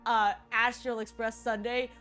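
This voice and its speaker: A woman streaming a game, chatting casually in a rambling, giggly way, full of "like" and restarts. Her voice sits a little high. Faint music plays underneath. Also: level tone, measured pace, a bit bright. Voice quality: rambling and giggly, with lots of fillers. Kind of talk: casual chat while gaming.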